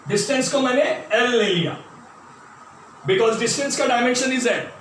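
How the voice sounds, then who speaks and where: An Indian man teaches physics at a board and keeps calling his students "my dear" as he repeats the key terms. His voice is very high for a man. He is recorded from a distance in a strongly echoing classroom with a faint hiss behind him. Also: quick pace, fairly bright tone. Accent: Indian English.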